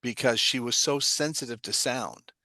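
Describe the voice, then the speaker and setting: A man's voice: mid-range voice, moderate pace, pushed and bright, no echo. A man giving an explanatory talk, asking himself rhetorical questions and answering them. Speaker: guest speaker on trauma. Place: online livestream.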